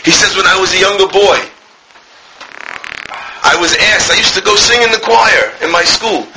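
A man, a rabbi and school director, preaching a sermon passionately, crying out at times and dropping to a hush as he tells stories. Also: high-pitched, normal speed, background noise. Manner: impassioned, swinging from cries to hushed storytelling. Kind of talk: sermon with storytelling.

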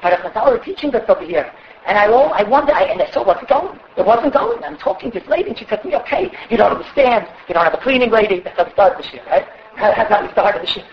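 A woman giving a religious Torah class, speaking with passion, often rising to a shout and acting out the conversations she quotes. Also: medium pitch, sing-song, fast, reverberant, dull audio, slight background noise. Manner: impassioned, often raising her voice to a shout. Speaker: religious teacher.

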